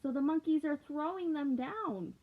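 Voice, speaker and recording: A woman's voice: sits high, expressive, normal speed. A woman reading a picture book aloud for storytime, stopping to ask young listeners questions and point out details in the pictures. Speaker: storytime reader. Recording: tinny phone-like audio.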